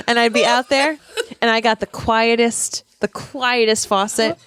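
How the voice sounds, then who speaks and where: A woman's voice: fairly high pitch, takes it slowly, fairly bright tone, clean tone, no echo. A woman doing a smug, gossipy suburban dad. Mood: smug gossip. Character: fussy suburban dad snitching on neighbors.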